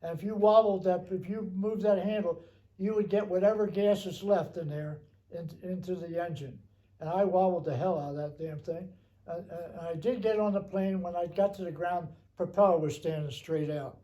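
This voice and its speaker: An older man recounting memories, rambling and halting with many restarts. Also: high-pitched, dark tone, poor audio. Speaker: veteran interviewee.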